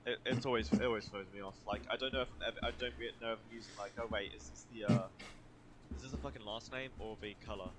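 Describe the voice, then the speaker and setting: A man's voice: on the low side, fairly even intonation, quick pace. A man with a New Zealand accent co-hosting a casual podcast, rambling and swearing freely. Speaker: podcast co-host.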